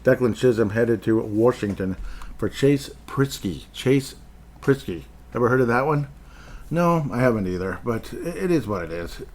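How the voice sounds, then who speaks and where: A man's voice: mid-range voice, animated, moderate pace. A man hosting a hockey podcast on his own, rambling through casual commentary with chuckles and asides.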